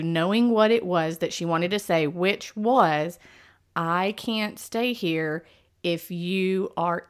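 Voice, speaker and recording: A woman hosting a casual pop culture podcast, chatty and quick to laugh. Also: fairly low pitch. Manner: chatty, laughs easily, animated. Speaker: podcast host.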